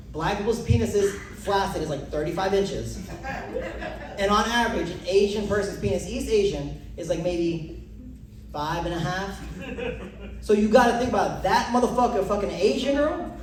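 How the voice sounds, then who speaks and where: A brash young man doing stand-up crowd work, loud and swinging his pitch for bits, recorded from far off in an echoey comedy club.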